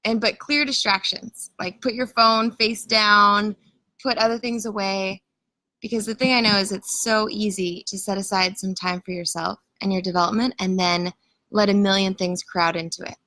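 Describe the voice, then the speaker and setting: A woman with a bright, clear voice talks through a live coaching session, loose and chatty and heavy on fillers. She greets viewers and reads their comments aloud. The sound is dry and close. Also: medium pitch, steady tone, normal speed, dry recording, low-quality recording. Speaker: coach leading an online challenge. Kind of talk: live-stream coaching talk.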